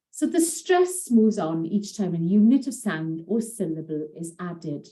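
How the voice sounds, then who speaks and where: A woman giving a pronunciation lesson, repeating words slowly and clearly for learners. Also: lowish voice, sing-song, dark tone. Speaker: Welsh language teacher.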